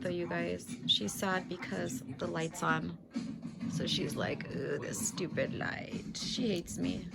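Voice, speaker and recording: A woman's voice: lowish voice, vocal fry. An upset woman in her thirties talks straight into her camera at home. She rambles and circles back, filling her speech with "like" and "you guys" as she vents. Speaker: vlogger. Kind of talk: casual chat to camera.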